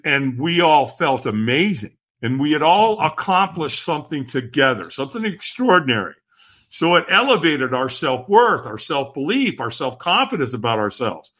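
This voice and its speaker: A middle-aged man, a podcast guest, telling a dramatic personal story with lively acted-out quotes. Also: a little high. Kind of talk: animated storytelling.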